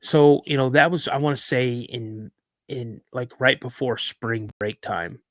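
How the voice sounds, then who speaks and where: A man in casual conversation, recounting a story with lively delivery and acting out the people he quotes. His voice sits at a middling pitch for a man, and the recording is dry and close. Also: unhurried, no room sound. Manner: animated storyteller, acts out quoted voices, many fillers. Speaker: podcast host, guest.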